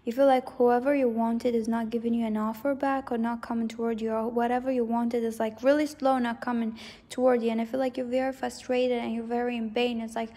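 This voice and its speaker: A woman's voice: fairly high pitch, flat delivery, fairly quick, warm tone. A woman giving a casual psychic tarot reading, rambling and hedging as she repeats herself. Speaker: tarot reader.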